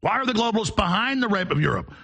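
A man hosting a call-in talk show, delivering a sarcastic rant with shouted outbursts. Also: high-pitched, animated, quick pace, slightly rough. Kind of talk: ranting call-in show monologue.

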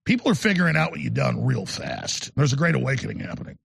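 A man's voice: mid-range voice, wildly swooping pitch, fast, vocal fry, few pauses, husky. A man hosting a talk show, delivering an emphatic, rambling monologue and often repeating words. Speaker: show host.

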